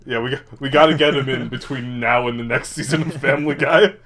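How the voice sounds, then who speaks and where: A man's voice: mid-range voice, fairly even intonation, a little fast, a bit bright. A man co-hosting a podcast in casual chat, giggly and teasing, laughing a lot. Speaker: podcast co-host.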